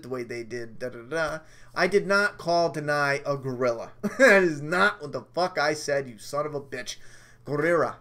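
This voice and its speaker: A man's voice: fairly high pitch, a bit bright. A man hosting a casual live stream review, rambling, cursing freely and poking fun at himself. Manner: rambling, profane and self-mocking. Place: at home during a storm.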